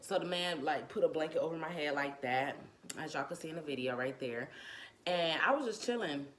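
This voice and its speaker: A young woman telling a casual storytime about giving birth, animated and slangy, acting out what people said. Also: low-pitched, fairly quick. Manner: animated, slangy, acts out quotes, laughs often.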